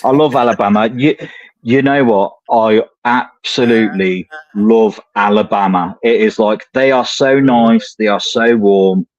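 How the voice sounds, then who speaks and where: A man talks in a low voice, rambling through anecdotes in casual podcast chat and swearing as he goes. The streamed audio sounds dull and lo-fi, and the room around him is dry. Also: measured pace, dry recording. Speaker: podcast co-host. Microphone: remote streaming call.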